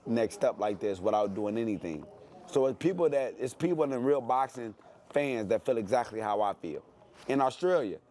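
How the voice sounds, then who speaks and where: A professional boxer from Detroit, USA, talks brashly in an animated interview, boasting and repeating phrases for effect. His voice is mid-range with a darkish tone.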